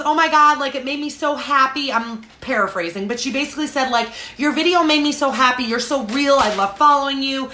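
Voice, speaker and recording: Female sales coach, high bright voice, casual emphatic delivery, roomy echo. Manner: chatty, emphatic, many "like" and "okay?" tags. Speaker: social selling coach. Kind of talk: motivational group talk. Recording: echoey room.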